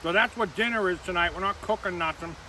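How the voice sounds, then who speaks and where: A man's voice: high-pitched, fast talker, sharp tone. A man hosting a casual outdoor vlog on a riverbank, chatty and rambling. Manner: chatty, rambling, self-correcting. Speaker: vlog host. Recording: distant outdoor mic with stream noise. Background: flowing stream and passing traffic.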